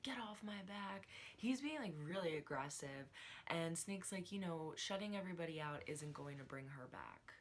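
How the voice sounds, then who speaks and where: Woman recapping a tv episode, kinda low voice, whispers her asides, bit of background hiss. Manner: chatty, animated, drops into whispers for asides. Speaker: TV show recapper.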